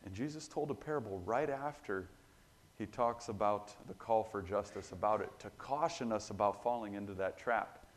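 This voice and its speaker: A man preaching a sermon in an earnest, emphatic way, getting louder on his key points. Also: fairly low pitch, moderate pace. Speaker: pastor.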